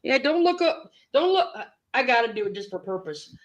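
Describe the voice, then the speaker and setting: A woman's voice: a little high, big pitch swings, brisk, dull audio. A woman hosting a casual livestream, blunt and salty, greeting viewers by name. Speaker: livestream host.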